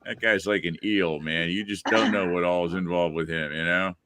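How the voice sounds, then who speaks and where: A man's voice: low voice, fairly even intonation, normal speed, fairly bright tone, no echo. A man hosting a live fan chat show, posing questions to his guests and viewers. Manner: leads the discussion and poses questions to guests and viewers. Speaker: podcast host.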